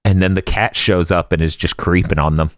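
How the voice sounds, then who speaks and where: A man on a casual podcast recapping anime episodes, laughing often and acting out characters' lines in quick voices. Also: sits low, steady tone, dry recording, clean studio sound. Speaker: podcast co-host.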